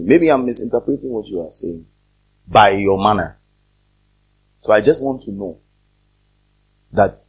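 A pastor with a lowish, slightly breathy voice reads scripture to his congregation, then addresses them directly with pointed questions that rise to loud, emphatic peaks. The sermon is captured in a dull lo-fi recording.

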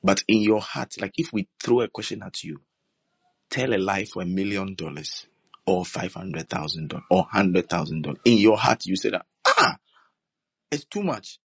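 A man's voice: low-pitched, normal speed, vocal fry, husky, no room sound. A man preaching a sermon, emphatic and repetitive, acting out prayers in his own voice. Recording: dull lo-fi sound.

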